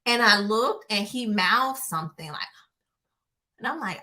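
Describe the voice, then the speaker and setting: A woman vlogger chats straight to her viewers, spinning a personal story with lively energy and acting out the other people in it. Her voice is bright and forward, pitched in an ordinary middle range. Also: normal speed. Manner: animated, acts out quotes. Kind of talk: casual storytelling to camera.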